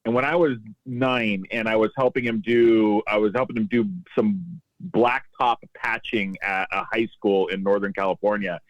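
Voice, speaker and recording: A man's voice: on the low side, steady tone, normal speed, no room sound. A man, a podcast guest, telling a reflective personal story in casual conversation. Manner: reflective, quotes voices in anecdotes. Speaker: podcast guest, tax advisor. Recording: dull lo-fi dry sound.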